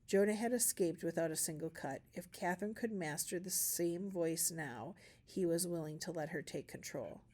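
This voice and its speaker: A woman with a fairly low voice reads a novel aloud for a school class. She narrates steadily and gives each character only a light change of voice. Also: moderate pace, few pauses, darkish tone. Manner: storybook narration with small voice shifts for characters. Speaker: reader.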